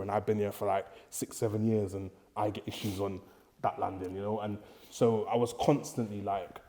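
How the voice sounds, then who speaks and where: A man's voice: lowish voice, flat delivery, normal speed, dark tone. A young man with a Bristol accent, telling stories in a casual chat in street slang and acting out the people he quotes. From England. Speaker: podcast guest, prison officer.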